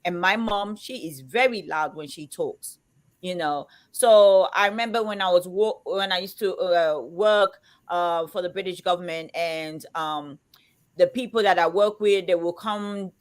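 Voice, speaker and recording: A woman in her fifties who talks loudly and emphatically, as if shouting, chatting on a live show. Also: fairly low pitch, a little slow. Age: 50s. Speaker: co-host of a live chat show. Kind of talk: casual chat.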